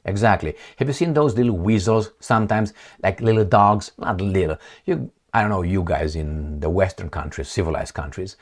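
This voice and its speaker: A man giving opinionated news commentary in an animated, sarcastic way. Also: low-pitched, normal speed. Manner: animated, sarcastic, acts out imagined dialogues. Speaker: political commentator.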